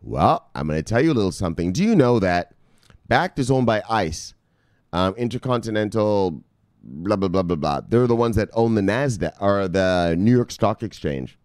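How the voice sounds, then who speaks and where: Crisp-voiced, profane crypto vlog host. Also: male voice, fairly low pitch, lively intonation, moderate pace, darkish tone, dry recording, clean studio sound. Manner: loose, profane, says "bang" as a catchphrase. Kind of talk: casual vlog talk. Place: home studio in South Beach.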